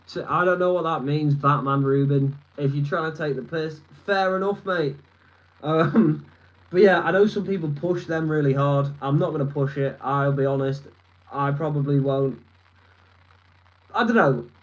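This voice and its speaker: A Lancashire-accented man in his twenties from northern England sits at his desk in his room, answering a live stream chat casually while rambling and cursing. His voice is fairly high and his pace moderate, and the sound quality is lo-fi.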